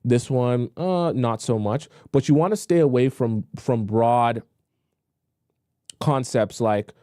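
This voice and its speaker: A young man gives dating advice on a live stream in a blunt, conversational way, often repeating a phrase before he finishes it. His voice sounds mellow and relaxed, with a middling pitch. The sound is dry and close, with no room around it. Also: takes it slowly, no echo. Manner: blunt, repetitive, conversational, acts out pleading voices mockingly. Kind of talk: live-stream advice talk, reading viewer questions.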